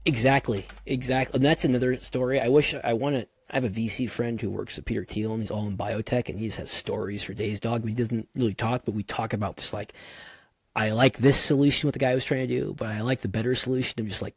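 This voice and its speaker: A man telling long, winding stories as a guest on a podcast, full of energy and slangy asides. His voice is husky, and the sound is dry and close to the mic. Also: medium pitch, fast, dry recording. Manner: animated, digressive storyteller, slangy. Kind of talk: casual interview chat.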